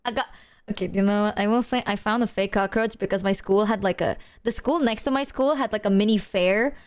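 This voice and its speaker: A woman's voice: medium pitch, a little fast, a little mellow, clean tone. A young woman streaming as a VTuber, chatting casually with viewers in a rambling, slangy, self-mocking way and laughing often.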